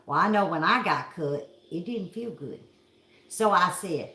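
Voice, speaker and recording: A woman's voice: on the low side, expressive, a little slow, bright, forceful tone, roomy sound. A middle-aged woman from Kentucky with a Southern accent, telling a story to her viewers in a folksy, dramatic way. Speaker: vlog host.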